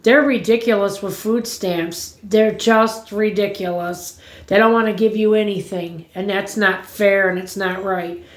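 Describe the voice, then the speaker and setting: A woman talks to her viewers from home in loose, rambling casual chat, blunt and quick to swear. Her voice sits at an everyday middle pitch for a woman. The room around her rings with noticeable echo. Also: fairly even intonation. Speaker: vlogger. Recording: roomy echo.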